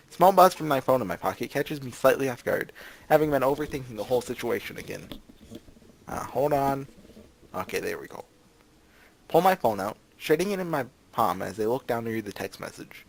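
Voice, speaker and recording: Lively sarcastic let's-play guy. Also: mid-range voice, vocal fry. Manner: sarcastic, jokey asides between read lines. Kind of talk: reading a visual novel aloud with joking commentary.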